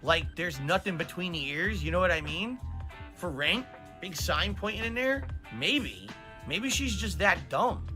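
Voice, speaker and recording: A man's voice: high voice, expressive, a little slow, over music. A man commenting on a video game as he plays it, sarcastic and profane, often reading the game's lines aloud in mocking voices. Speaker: streamer playing a video game. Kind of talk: casual gameplay commentary.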